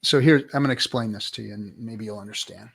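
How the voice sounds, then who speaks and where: A man's voice: fairly low pitch, fast, creaky, a bit bright, husky. A man in a casual livestream debate, explaining his view emphatically and step by step.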